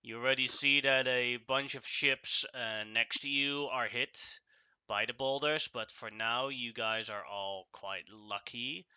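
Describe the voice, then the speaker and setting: A man narrates a tabletop game as its game master, pausing often and restarting his sentences. His voice is very bright and smooth, and he speaks slowly. The sound is dry, with no room around it. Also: medium pitch, steady tone, no room sound. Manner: halting narration with many fillers and restarts.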